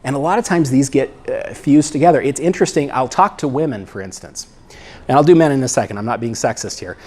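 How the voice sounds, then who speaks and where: A man's voice: mid-range voice, fast, a little mellow. Man giving a casual psychology lecture. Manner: conversational, checks in with "right?" and "okay?". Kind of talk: lecture talk.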